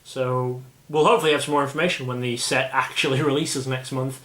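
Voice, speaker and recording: A man's voice: mid-range voice, fairly even intonation, a little fast, pushed and bright. A British man hosting a casual chat about a card game, rambling and often restarting his sentences. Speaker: channel host. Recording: echoey room.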